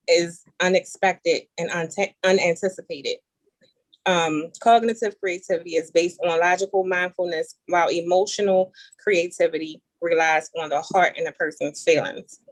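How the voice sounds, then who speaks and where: A woman hosting a casual talk show, animated and playful, reading definitions aloud and teasing her guests. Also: on the low side, dry recording. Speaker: show host. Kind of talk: casual chat.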